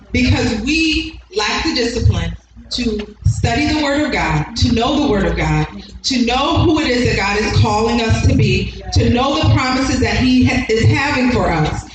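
A middle-aged woman preaching a sermon with emphasis, repeating key lines and chuckling between points. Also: on the high side. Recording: echoey hall, distant mic, music underneath.

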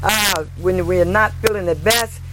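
A woman preaching a sermon slowly and deliberately, quoting scripture and repeating hallelujah. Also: on the low side, loud music behind the voice. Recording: noisy recording.

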